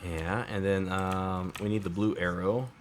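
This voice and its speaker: A man's voice: low voice, steady tone, unhurried, slight background noise. A man in his thirties thinking aloud as he builds in a game, casual and chatty. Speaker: let's play host. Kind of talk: casual gameplay commentary.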